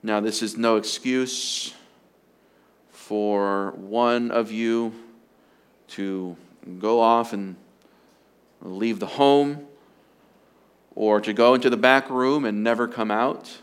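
A man's voice: lowish voice, takes it slowly, clean tone. A man preaching as a pastor, earnest and emphatic, often repeating his phrases for stress. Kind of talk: sermon on marriage.

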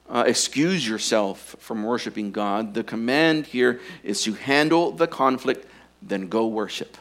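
Male pastor, mid-sermon, earnest and pressing, goes quiet for emphasis. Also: medium pitch, a little slow. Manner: earnest, urging, drops to quiet intensity on key points.

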